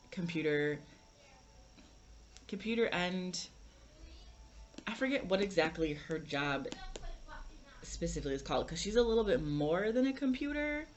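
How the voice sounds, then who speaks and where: A woman's voice: deep voice, expressive, unhurried, pauses often, lo-fi sound, slight background noise. A young woman vlogging a casual book review, rambling with lots of fillers and restarts.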